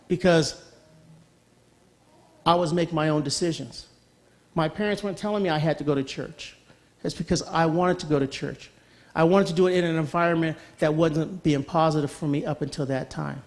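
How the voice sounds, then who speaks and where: Guy sharing his faith story, earnest, keeps saying okay, voice a bit high. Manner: earnest, repeats phrases, asks okay. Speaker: guest speaker. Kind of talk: personal testimony talk.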